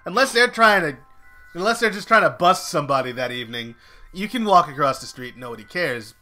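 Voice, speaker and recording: A man hosting a live stream, rambling in casual chat, trailing off in fillers and then bursting out loud. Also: on the high side, expressive, brisk, faint music behind. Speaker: stream host.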